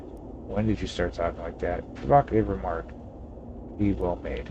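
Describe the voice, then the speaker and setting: A man's voice: deep voice, fairly even intonation, moderate pace, long pauses, warm tone, lo-fi sound, a little hiss or hum. A man with a Southern US accent playing a game, reading the text aloud and joking. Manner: playful, reads narration aloud and jokes. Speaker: gaming channel host. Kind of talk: let's play commentary reading game text.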